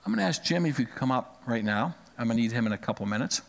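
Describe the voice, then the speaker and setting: Lively storytelling preacher in a reverberant hall. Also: male voice, mid-range voice, very fast, creaky. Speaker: pastor. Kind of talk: sermon.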